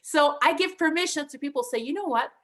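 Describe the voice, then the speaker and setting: A woman with a thick French accent, co-hosting a casual chat and telling animated, self-deprecating stories. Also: high voice, fast talker. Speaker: podcast co-host.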